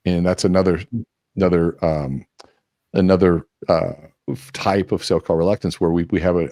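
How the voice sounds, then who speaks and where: A man's voice: low voice, a little mellow, no echo, clean studio sound. A man as the guest expert on a podcast interview, talking energetically, acting out quoted dialogue and restarting often. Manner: frequent restarts.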